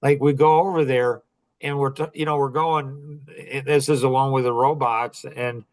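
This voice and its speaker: A man in his sixties telling a story in a casual podcast chat, rambling and halting, with many fillers and restarts. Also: mid-range voice, fairly even intonation, a little mellow, poor audio.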